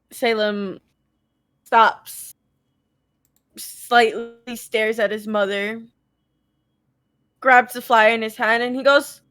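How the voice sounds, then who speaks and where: Woman player, bright and a touch high, playful; dry close mic. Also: steady tone, extremely slow, pauses often, dry recording. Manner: giggly and playful. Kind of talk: playing a tabletop game.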